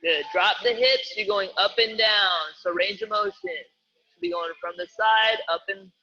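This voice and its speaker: A male fitness coach leads a live online workout, cueing each exercise in an upbeat, playful way with a high, bright, forceful voice. The streamed audio sounds a little dull, and unhurried, soft music plays in the background.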